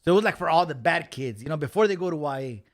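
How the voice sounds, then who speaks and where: A man's voice: on the high side, very fast. A man, telling a long story in casual, slangy talk with lots of swearing, and acting out the other people in it. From Los Angeles County. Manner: slangy, swearing, animated when acting out quotes. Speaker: podcast guest.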